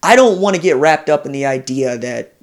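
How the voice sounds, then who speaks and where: A man in a casual sports podcast chat, telling recruiting stories with animated energy and slipping into quoted voices. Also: on the high side, a little fast. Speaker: college football recruiting analyst.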